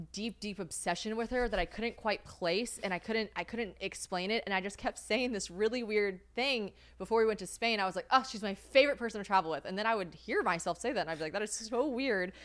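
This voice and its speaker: A woman's voice: mid-range voice, fairly bright tone. A young woman co-hosting a podcast in casual chat, rambling, swearing freely and laughing often. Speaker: podcast co-host.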